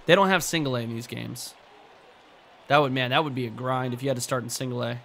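A young man giving excitable, profane gameplay commentary as a let's play host, talking to himself as he plays. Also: mid-range voice, fast talker, creaky, slight background noise.

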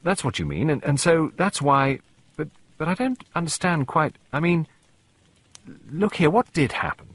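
A man voicing an excitable young man who stammers and speaks breathlessly. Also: fairly high pitch, moderate pace, pauses often, breathy edge, no room sound, pitched above the performer's own voice, exaggerated voice. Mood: flustered.

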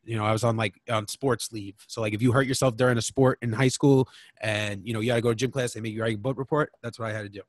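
A man's voice: mid-range voice, steady tone, quick pace, no room sound. A man as a podcast guest, telling a candid personal story in a frank, emotional way and swearing freely.

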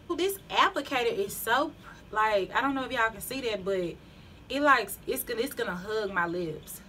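A young Southern US woman with a high, bright, forceful voice talks viewers through her shopping haul. She sounds a little winded, keeps calling her audience y'all, and laughs between her sentences. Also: a little hiss or hum. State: out of breath. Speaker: beauty vlogger. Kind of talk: casual haul vlog.

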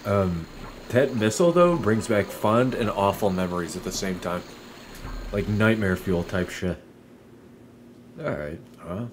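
A man's voice: on the low side, expressive, measured pace, pauses often, a little hiss or hum. A young man giving casual, profane gameplay commentary, laughing often and musing aloud as he plays. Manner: swears freely, laughs often, muses aloud. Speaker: let's play streamer.

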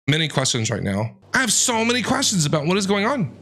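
A man giving excitable reaction commentary while reading a manga, firing off questions and exclamations. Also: high voice, quick pace. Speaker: streamer, content creator.

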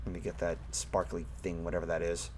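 A young man streaming a game, chatting casually, swearing often and squealing with excitement at thrilling moments. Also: sits low, fairly quick, a little hiss or hum. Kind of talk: casual gameplay commentary.

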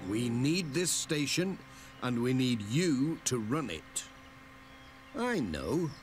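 A man's voice: medium pitch, big pitch swings, slow pace. An actor voicing a cheerful, kindly village postman in a children's cartoon, chirpy and reassuring, with music playing behind.

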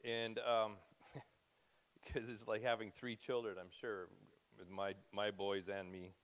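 A man's voice: on the low side, flat delivery, slow. Middle-aged male preacher, casual and rambling, emotional, self-interrupting delivery. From Canada. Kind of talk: informal church talk.

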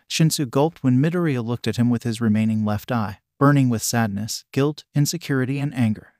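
A man reading a fan-fiction story at a steady, even pace, his voice sitting at an ordinary middle pitch. The sound is dry and close, with no room around it. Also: fairly quick, hardly any pauses, dry recording. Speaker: story narrator.

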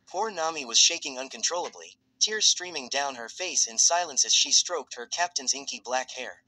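A man reading fan fiction aloud as a narrator in a steady, even storytelling voice. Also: medium pitch, normal speed, no room sound, rough recording.

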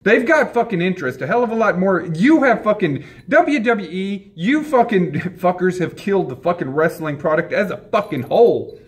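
A man with a high voice rants angrily as a wrestling YouTuber. He swears heavily and sounds dismissive of everyone he addresses. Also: expressive, normal speed. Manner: angry, profane, dismissive. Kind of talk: angry rant.

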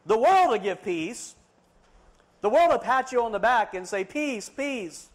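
A man with a high, ringing voice preaches a fiery sermon. He swings from loud, emphatic declarations down to hushed asides. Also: sing-song, moderate pace.

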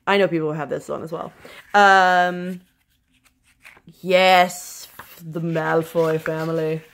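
A woman in a casual unboxing vlog, excitable and gushing, her voice swinging up into squealing highs. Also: slow pace, long pauses. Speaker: vlogger unboxing a fan subscription crate.

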